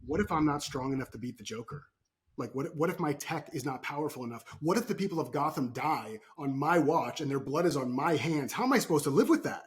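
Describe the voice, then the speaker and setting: A man's voice: fairly high pitch, expressive, a little fast, natural voice. A man voicing a stressed-out male superhero who frets and doubts himself, in a worried, questioning way. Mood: anxious.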